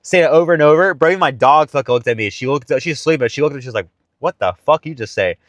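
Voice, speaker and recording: A man's voice: a little high, very fast, fairly bright tone, no echo. A young man giving blunt, profane, buddy-style dating advice in a casual vlog pep talk, calling his listeners bro and guys.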